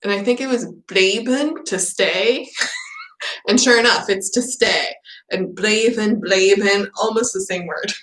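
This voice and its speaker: A woman's voice: medium pitch, big pitch swings, a little slow, fairly bright tone. A young woman and native English speaker hosting a casual livestream chat. She laughs often and acts out her own anecdotes. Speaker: channel host. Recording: roomy echo.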